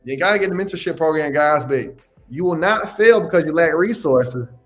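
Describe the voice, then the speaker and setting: Young man, slightly high voice, slangy and animated, casual livestream Q&A, light music underneath. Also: moderate pace. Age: young adult. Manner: animated, slangy, repeats phrases, laughs often. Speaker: independent adjuster mentor hosting a live Q&A.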